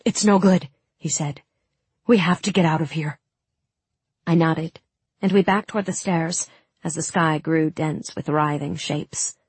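A woman's voice: sits low, gravelly, slightly rough, no room sound. A woman reading a first-person audiobook aloud, with dramatic, tense storytelling. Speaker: audiobook narrator.

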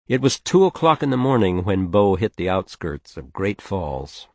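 A man reading a novel aloud in a measured, steady audiobook narration. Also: sits low, no echo.

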